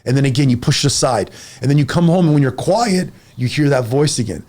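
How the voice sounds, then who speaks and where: A man in his forties, a fitness coach talking on a casual podcast, emphatic and animated, speaking in quick bursts with repeated words. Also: mid-range voice. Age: 40s.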